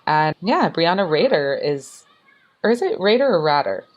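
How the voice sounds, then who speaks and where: Bubbly low-voiced woman podcast host. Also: a little slow, highs cut off. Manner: bubbly, exclamatory, animated pitch jumps. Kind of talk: enthusiastic podcast interview. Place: apartment in a city, children outside.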